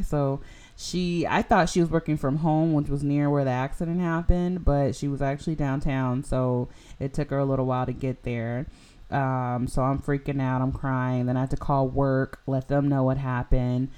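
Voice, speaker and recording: A young woman recounts events on her podcast in a loose, chatty way, leaning on "like" and "you know". Her voice is dark and mellow, with little rise and fall in pitch. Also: fairly even intonation, moderate pace, clean tone. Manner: rambling, heavy use of "like" and "you know". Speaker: podcast host. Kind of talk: casual personal storytelling.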